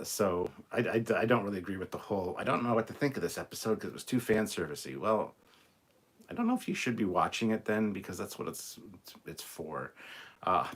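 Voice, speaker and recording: A British man hosting a casual livestream reaction, excited and rambling, with frequent ums and laughs. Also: low voice. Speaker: livestream host.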